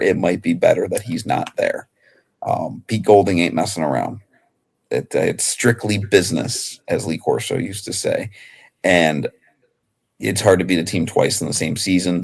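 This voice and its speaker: A young man on a sports betting panel, joking around with quick, goofy asides. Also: sits low, vocal fry, darkish tone, slightly rough. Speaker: regular panelist. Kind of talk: casual sports betting chat.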